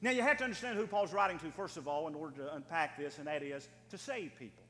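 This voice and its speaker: High, bright-voiced preacher in a reverberant hall. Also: male voice, fast. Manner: emphatic, repeating phrases for stress. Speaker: pastor. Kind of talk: sermon.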